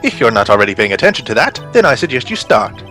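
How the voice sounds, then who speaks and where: A man's voice: medium pitch, sing-song, quick pace, sharp tone, faint music behind. A man voicing an arrogant young female prosecutor who speaks in clipped, contemptuous orders in a game.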